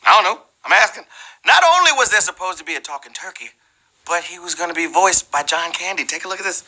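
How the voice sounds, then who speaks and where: A man hosting a live trivia game show in a playful, slangy, animated way, teasing the players. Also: high voice, fast, poor audio.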